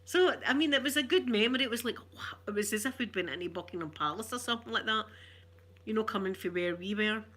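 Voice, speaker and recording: Middle-aged Glaswegian woman, ASMR stream host, soft rambling chat, bright voice. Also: medium pitch, animated, quick pace. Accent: Glaswegian Scottish. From Glasgow, Scotland. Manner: soft-spoken, rambling, warm chatter with viewers. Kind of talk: chatty ASMR livestream.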